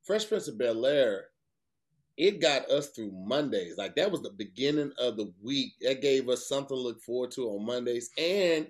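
A man hosting a casual podcast chat, talking in an animated way and acting out quotes. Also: mid-range voice, normal speed. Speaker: podcast host.

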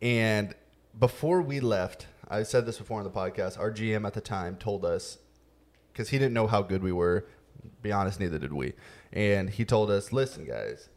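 A man hosting a podcast, telling a story in a relaxed, casual way with many fillers. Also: fairly low pitch, normal speed. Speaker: podcast host. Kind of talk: casual chat.

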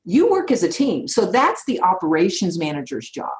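A middle-aged woman speaks in a firm, emphatic way, stressing her points without softening them. Her voice sits a little low for a woman. The recording carries a noticeable roomy echo. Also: wildly swooping pitch, moderate pace. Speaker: insurance agency owner. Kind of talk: conversational interview answers.

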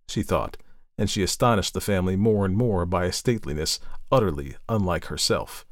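Low-voiced man reading a classic novel. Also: normal speed, dry recording, clean studio sound. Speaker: audiobook narrator. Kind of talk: scripted narration of a classic novel.

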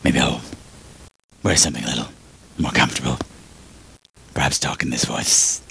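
A man putting on a deep, slow, sultry crooning voice as a creepy seducer. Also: steady tone, gravelly, bright, forceful tone, a little hiss or hum, full character voice, rough recording.

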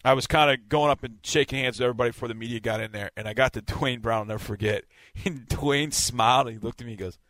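A man, a sideline reporter, telling a game story in a casual, animated way on a sports podcast. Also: mid-range voice, fast talker, dry recording. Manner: animated, vivid play-by-play retelling.

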